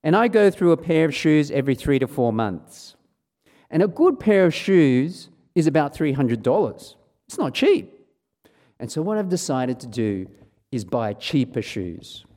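A man's voice: on the high side, sing-song, normal speed, mellow. A man preaching a sermon, reading scripture aloud and acting out the quoted lines in a raised voice. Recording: long hall reverb.

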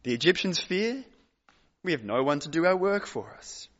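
A man preaching a sermon as pastor, emphatic, with dramatic pauses and repeated phrases, in a large hall. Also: on the high side, very animated, a bit bright. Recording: dull recording with long hall reverb.

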